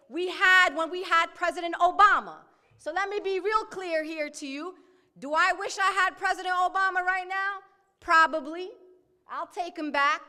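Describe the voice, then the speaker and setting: Fiery high-voiced woman with Brooklyn accent. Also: bright, forceful tone. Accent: New York. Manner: bold, impassioned, outspoken. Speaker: keynote speaker at a banquet. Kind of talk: fiery political speech. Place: banquet hall. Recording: long hall reverb.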